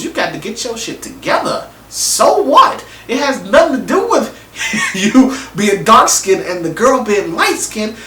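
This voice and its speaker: A man giving a casual, animated review of a TV episode, acting out people's reactions in slangy everyday talk. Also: high-pitched. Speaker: TV show reviewer. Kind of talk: casual opinion monologue. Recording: echoey room, mic at a distance.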